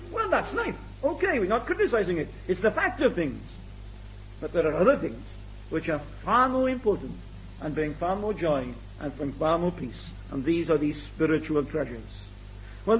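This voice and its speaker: British guy preaching, high lively voice, dull old tape sound. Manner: animated, rhetorical questions, acts out quoted voices. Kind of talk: sermon.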